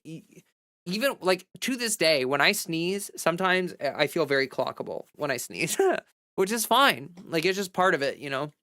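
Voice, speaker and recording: A woman's voice: low voice, fairly bright tone, no room sound, studio quality. A woman livestreamer chatting candidly and giving advice in a casual way.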